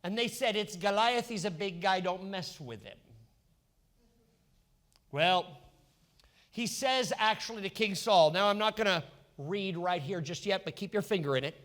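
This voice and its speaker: A male pastor preaching a sermon, telling a Bible story with lively voices for its characters. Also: high voice, measured pace, pauses often. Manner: animated storytelling, acting out biblical characters.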